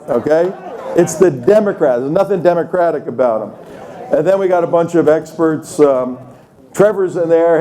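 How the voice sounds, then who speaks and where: A man's voice: a little high, dark tone. An older man giving a conversational talk at a conference, telling anecdotes and acting out the people in them. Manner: conversational, tells anecdotes with voiced quotes. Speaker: conference speaker. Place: conference room.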